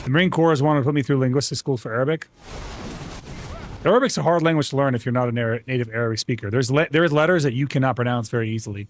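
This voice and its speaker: A man's voice: medium pitch, quick pace, a little hiss or hum. A man hosting a casual gaming stream, chatting loosely with restarts and laughs. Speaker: streamer host.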